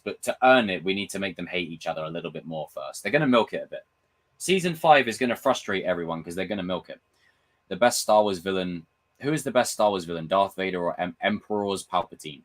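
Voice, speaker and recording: A young man chatting casually on his live stream, reading viewer comments, swearing freely and acting out film scenes with loud impressions. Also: deep voice, brisk. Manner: animated, swearing, reads and answers chat comments. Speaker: livestream host.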